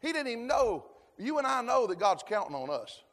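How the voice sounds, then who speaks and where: A man preaching a folksy sermon, calling for amens and building to shouts. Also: very high-pitched, very animated, fairly quick. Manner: folksy, call-and-response, rising to shouts. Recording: long hall reverb.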